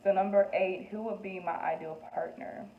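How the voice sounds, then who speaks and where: A woman's voice: mid-range voice, steady tone, moderate pace. Chatty young woman, tinny and echoey. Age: young adult. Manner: chatty and candid, laughs often, fillers like "like" and "um". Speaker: vlogger answering get-to-know-me questions. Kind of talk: casual chat. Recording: echoey room, tinny phone-like sound, faint background noise.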